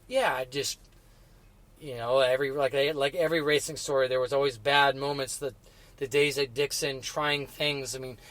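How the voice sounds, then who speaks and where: A middle-aged man speaks in an ordinary mid-range voice, talking casually and haltingly. He restarts his sentences often and leans on fillers. His voice grows emotional as he recalls hard moments. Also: medium pitch, steady tone, a bit bright. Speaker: guest. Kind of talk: casual interview chat.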